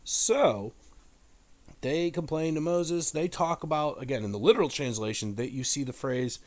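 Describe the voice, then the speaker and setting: A man's voice: on the high side, normal speed. A man hosting an irreverent Bible commentary in a casual, profane, joking way. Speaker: host.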